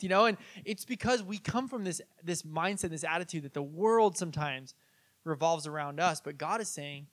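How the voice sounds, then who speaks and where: A man preaching a sermon in a church, telling stories in a conversational, animated way and asking the congregation questions. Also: on the high side, normal speed. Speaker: pastor.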